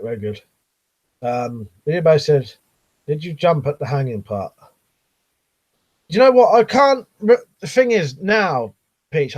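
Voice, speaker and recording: A middle-aged man chatting casually on a live stream, reading out viewer comments and rambling, swearing freely. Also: on the high side.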